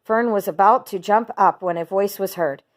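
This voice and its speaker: A teacher reading a children's book aloud, steady and expressive. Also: female voice, mid-range voice, moderate pace.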